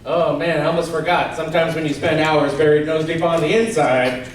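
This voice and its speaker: A man from Canada doing a stand-up comedy set, animated and self-deprecating, often breaking into laughs. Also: fairly high pitch, brisk. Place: large convention hall. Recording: echoey convention hall from far off, crowd noise.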